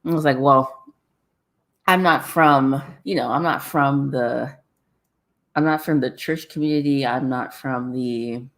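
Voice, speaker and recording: Low-voiced chatty woman hosting a livestream. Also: a little slow. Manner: chatty and animated, laughs often, repeats herself for effect. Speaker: livestream host reading viewer comments. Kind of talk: casual chat.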